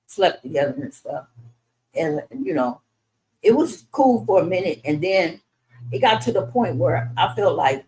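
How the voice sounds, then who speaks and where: A woman's voice: fairly low pitch, big pitch swings, unhurried, a little mellow, low-quality recording. A middle-aged woman telling her son her life story, frank and conversational, with frequent restarts. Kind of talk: candid personal storytelling in conversation.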